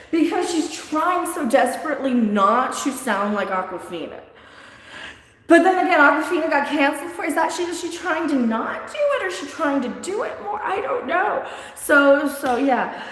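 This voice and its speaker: A lively woman streamer rambles through a casual review, laughing and restarting her sentences as she goes. Her voice sits a little high and swoops widely in pitch. The sound bounces around a very echoey room with a long reverb tail. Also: normal speed. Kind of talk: casual live-stream chat.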